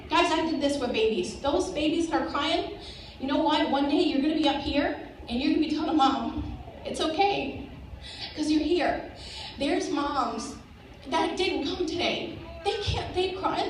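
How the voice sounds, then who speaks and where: A woman rallies a crowd from a stage, her voice high and emphatic as she urges them on. She is heard from a distance, with heavy echo filling the big hall and a faint hum of room noise behind her. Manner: rallying, emphatic, addresses crowd directly. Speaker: motivational speaker at a sales event. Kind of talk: motivational stage speech. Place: large event hall. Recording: echoey hall recorded from far off.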